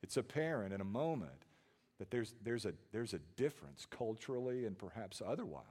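A man, preaching a sermon with dynamic swings from hushed tones to loud emphasis and frequent repeated words. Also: on the low side, big pitch swings, fairly quick, husky. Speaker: pastor.

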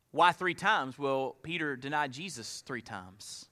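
A man preaching a sermon in a high, very bright voice. He presses points with lifted emphasis, then slows and sinks to hushed tones to let a line land. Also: lively intonation. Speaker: pastor.

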